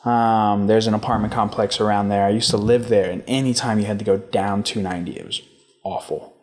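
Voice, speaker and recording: A man's voice: fairly low pitch, steady tone, quick pace. A man hosting a podcast, chatting casually with loose swearing and jokes. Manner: laid-back, swears casually, joking. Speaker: podcast host.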